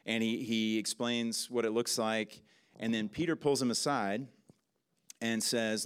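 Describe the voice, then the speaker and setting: A man preaching a sermon in a relaxed, conversational way, with frequent restarts and asides. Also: mid-range voice, unhurried, clean tone. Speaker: pastor.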